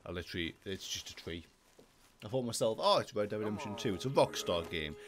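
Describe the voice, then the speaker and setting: A man's voice: on the low side, quick pace. A young man streaming a game, joking and easily startled. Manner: excitable, jokey, easily startled. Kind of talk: gaming livestream commentary. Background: game music.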